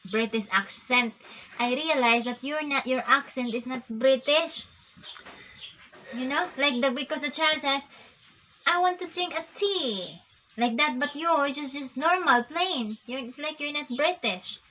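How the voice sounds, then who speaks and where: A woman's voice: high-pitched, measured pace, pushed and bright, a little hiss or hum, rough recording. A woman co-hosting a casual video chat, playful and giggly. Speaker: co-host.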